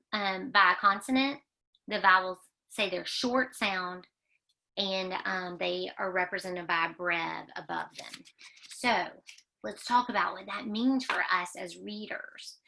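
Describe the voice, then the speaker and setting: Woman librarian for a kids' phonics video, slow and patient, gravelly edge, bright tone. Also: medium pitch. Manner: patient, sing-song, drawn-out teacher talk with emphatic repetition. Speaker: children's librarian teaching phonics. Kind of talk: children's phonics lesson.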